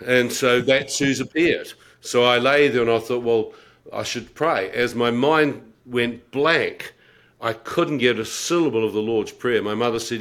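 A middle-aged man tells his personal testimony with a wry, self-mocking humour. He acts out his own thoughts vividly as he goes, and his pitch sits in an ordinary middle register for a man. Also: measured pace, a bit bright. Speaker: guest telling his conversion story.

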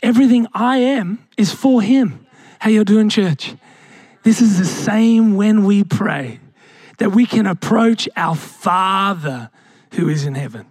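High-voiced pastor preaching slowly. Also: male voice, expressive, a little mellow, slightly rough, dry recording. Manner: preaching with rhetorical questions and calls to the congregation. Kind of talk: sermon.

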